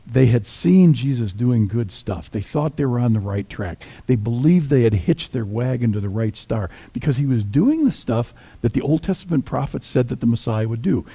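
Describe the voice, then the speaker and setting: A man's voice: medium pitch, animated, normal speed, few pauses, warm tone, slightly rough. A male pastor giving a conversational sermon that mixes stories and humor.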